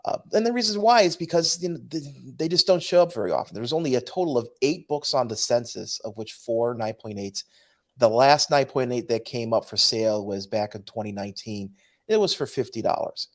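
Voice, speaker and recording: Male comics podcast co-host, mid pitch, easygoing, halting casual chat. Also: expressive. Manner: easygoing, hesitant with many fillers and restarts.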